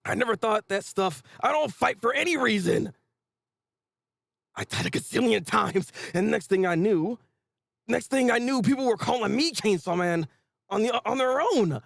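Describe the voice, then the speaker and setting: A man's voice: high voice, lively intonation, normal speed, gravelly, no echo, voice pushed up, full character voice. A man voicing a blunt, laid-back young male fighter who speaks offhandedly.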